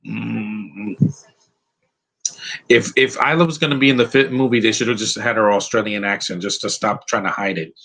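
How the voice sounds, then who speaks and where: A man talks over a movie in a casual, rambling live commentary. His voice sits a little low but sounds bright and sharp. He is opinionated and often restarts his sentences. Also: moderate pace, creaky, low-quality recording. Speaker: film commentator.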